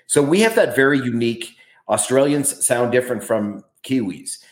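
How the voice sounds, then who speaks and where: A man from Canada, a guest author, chatting casually on a podcast and telling stories with quick impressions. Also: medium pitch, expressive. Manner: chatty storyteller, mimics voices in anecdotes. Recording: roomy echo.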